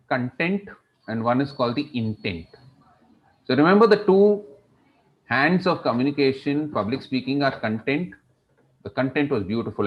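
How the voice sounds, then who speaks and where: A male instructor teaching a public speaking class online. He leans hard on particular words and uses dramatic pauses to make his points. The audio comes through a video call. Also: medium pitch, lo-fi sound. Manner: strongly varied emphasis, dramatic pauses. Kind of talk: online class lecture with storytelling.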